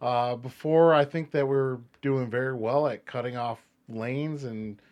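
A man's voice: medium pitch, steady tone, measured pace, darkish tone. A man co-hosting a casual sports podcast, reading listener questions and laughing often at himself. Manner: laughs a lot, self-mocking.

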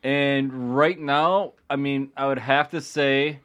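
A man's voice: mid-range voice, fairly even intonation, takes it slowly, fairly bright tone, clean tone. A man co-hosting a casual sports podcast, chatty and teasing the others. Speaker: podcast co-host.

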